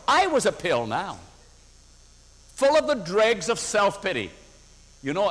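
A man preaching a personal testimony sermon, telling his story with sudden swings between loud and soft and chuckling at his own jokes. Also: on the high side. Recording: long reverb of a large hall.

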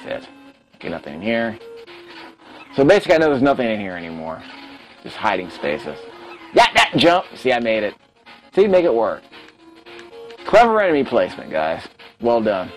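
Man, low voice, lively up-and-down delivery, casual gameplay commentary, self-critical, faint game music. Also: moderate pace, pauses often, rough recording. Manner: chatty, self-critical, talks to himself while playing. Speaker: let's play host.

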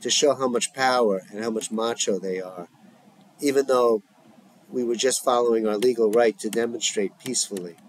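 A man's voice: medium pitch, fairly even intonation, normal speed, a little hiss or hum, natural voice, rough recording. A man reading a defiant young woman. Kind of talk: reading a script aloud.

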